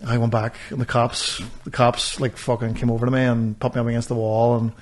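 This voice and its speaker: A young man co-hosting a casual podcast, telling a rambling tale peppered with swearing. His voice sits at an ordinary middle pitch. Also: flat delivery, brisk, slight background noise. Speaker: podcast co-host. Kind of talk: casual storytelling chat.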